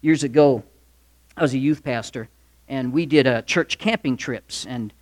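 A man's voice: medium pitch, moderate pace. A male pastor giving a Wednesday night sermon in a folksy manner, mixing stories, jokes and asides. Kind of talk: midweek church sermon.

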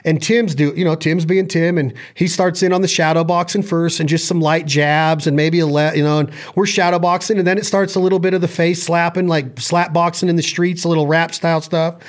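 Casting: a man, a bit high-pitched, spinning an animated story in casual chat, swearing as he goes. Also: a little fast, hardly any pauses.

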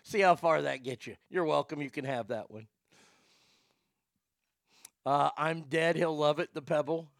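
Gravelly man ranting crudely. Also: on the high side, measured pace, long pauses, no room sound, clean studio sound. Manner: blunt, vulgar, mocking. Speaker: radio show host. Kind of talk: crude comedic commentary.

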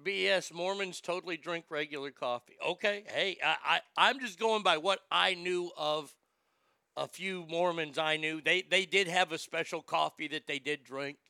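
A man's voice: on the high side, measured pace, creaky, sharp tone, clean tone, no room sound. A middle-aged man hosting a casual talk show, telling stories in a wisecracking, profane way. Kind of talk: casual talk radio banter.

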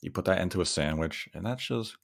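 A man's voice: low-pitched, a little fast, gravelly. A man co-hosting a podcast, chatting casually and easily. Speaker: podcast co-host. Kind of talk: casual chat.

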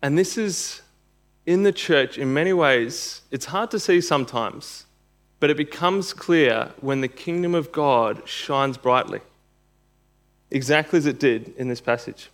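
A male preacher delivering a sermon, reading scripture and then pressing his points with emphatic bursts. His voice sits slightly higher than most men's and carries a steady earnestness. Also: a little slow.

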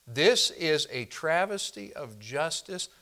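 Male pastor, slightly high, bright voice, unhurried emphatic preaching. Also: sing-song. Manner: emphatic, reads scripture slowly and deliberately; addresses congregation directly. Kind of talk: expository sermon.

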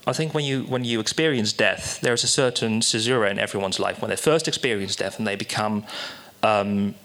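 Bright-voiced man doing a confessional set. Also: lowish voice. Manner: halting, confessional, darkly joking with audience. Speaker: stand-up performer. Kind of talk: stand-up tragedy set. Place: small live comedy venue.

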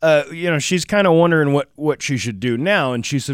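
A man casually telling a personal anecdote on a talk show, animated and acting out what people said. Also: a little high, brisk, hardly any pauses, dry recording, clean studio sound. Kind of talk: casual chat.

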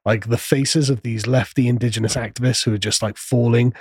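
A man's voice: medium pitch, steady tone, brisk, darkish tone, breathy edge, no echo. A man hosting a podcast, talking through politics in a casual, sardonic way. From England. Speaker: podcast host.

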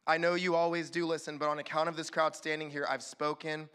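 A man preaching a sermon as youth pastor, animated and acting out quick little voices to the room. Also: on the high side, smooth. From California.

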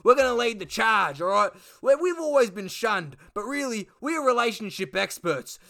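Brash crude Aussie footballer, loud and high, rambling excitedly, put on by a man. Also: moderate pace, gravelly, exaggerated voice. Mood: boastful. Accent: Australian.

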